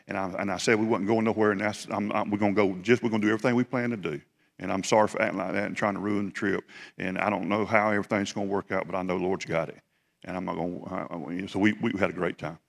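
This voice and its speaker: A male preacher telling a folksy, animated story in a sermon, often laughing and rambling. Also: sits low, quick pace, gravelly. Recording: long hall reverb.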